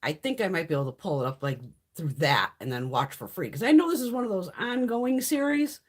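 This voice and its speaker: Stuffy, animated woman chatting live. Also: fairly low pitch, fairly quick, husky. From Connecticut, USA. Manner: blunt, swears freely, lively storytelling. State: stuffy nose. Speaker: livestream host. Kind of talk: casual chat.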